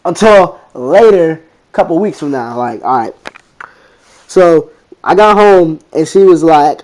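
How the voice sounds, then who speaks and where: Teenage guy, slangy casual storyteller, fairly high-pitched, animated quoting. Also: unhurried. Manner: slangy, rambling, animated retelling with quoted voices. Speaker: vlogger.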